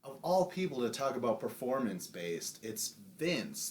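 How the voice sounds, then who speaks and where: A man's voice: medium pitch, very animated, darkish tone, slight background noise. Profane laughing podcast man. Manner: loose, profane, quick to laugh, does mocking impressions. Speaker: podcast co-host. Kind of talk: casual podcast chat.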